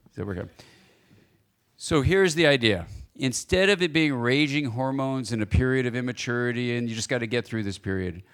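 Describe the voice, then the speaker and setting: A man speaking as a guest lecturer at a church forum, lively and playful, often asking the audience questions. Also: medium pitch, brisk, clear, resonant tone.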